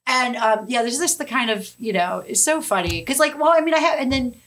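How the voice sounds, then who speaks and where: A woman's voice: on the high side, animated, brisk, fairly bright tone. A middle-aged woman, a comedian guest, chatting casually and telling upbeat stories with asides. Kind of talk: casual interview chat.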